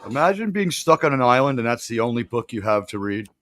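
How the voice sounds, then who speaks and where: A man's voice: mid-range voice, very animated, quick pace, a bit bright, no room sound. A man co-hosting a casual chat, telling stories with wry jokes, speaking very close to the microphone. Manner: joking, storytelling, wry. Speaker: co-host.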